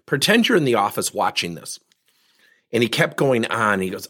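A man hosting a coaching podcast, telling a client story in an animated way. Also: medium pitch, normal speed, breathy edge. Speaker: podcast host and business coach.

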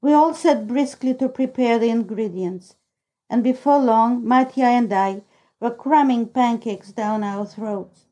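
A woman narrating a classic children's novel as an audiobook reader, calm and even. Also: fairly high pitch, unhurried, highs cut off. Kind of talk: scripted storybook narration.

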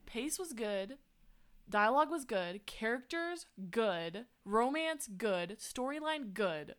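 A woman's voice: on the high side, expressive, slow, a bit bright, clean tone. A woman co-hosting a casual movie review chat, enthusiastic and emphatic. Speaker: podcast co-host.

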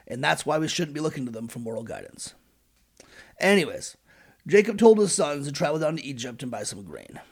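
A man's voice: a little high, sing-song, fairly quick, gravelly, slightly rough. A man hosting a podcast, narrating in an irreverent, sarcastic, profane comedic style. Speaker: podcast host.

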